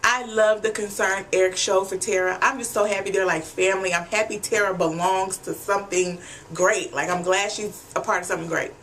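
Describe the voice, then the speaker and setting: A woman's voice: mid-range voice, fairly quick, a bit bright, a little hiss or hum. A woman talking straight to her viewers in a casual recap vlog, blunt and chatty, swearing freely and calling them y'all. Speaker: TV episode recapper.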